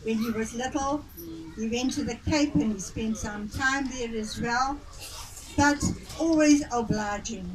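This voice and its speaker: A woman's voice: a little high, measured pace. A woman with a South African accent telling family stories at a reunion, often laughing as she goes. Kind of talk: casual family storytelling. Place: outdoor family gathering. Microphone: phone recording from a distance. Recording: distant phone recording with chatter around.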